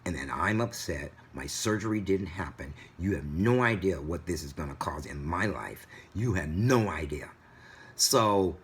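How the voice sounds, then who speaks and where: A man vlogging, retelling a story in an animated, indignant way. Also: lowish voice, slightly rough. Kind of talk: casual storytelling vlog.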